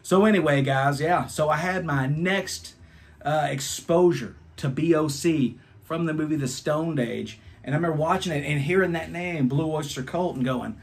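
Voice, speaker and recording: A man's voice: on the high side, moderate pace. A man in his thirties reviewing albums, telling a rambling, profane story in a casual vlog.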